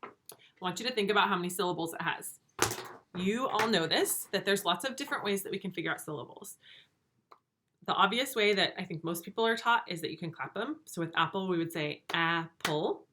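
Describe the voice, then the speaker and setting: Woman teacher, remote lesson, encouraging, clear and slow, bright tone. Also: medium pitch, slight background noise. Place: home room with a whiteboard.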